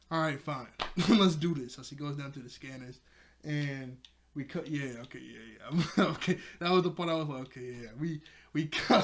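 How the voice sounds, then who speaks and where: A young man casually recapping a cartoon episode, animated, acting out the characters' lines and laughing often. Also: medium pitch. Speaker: episode reviewer.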